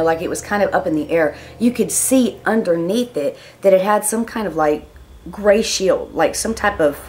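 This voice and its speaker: A woman talks straight to camera. She tells her story casually, stopping and restarting often with fillers. A faint background noise sits under her voice. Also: fairly low pitch. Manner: chatty, hesitant, many fillers and restarts. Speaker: vlogger.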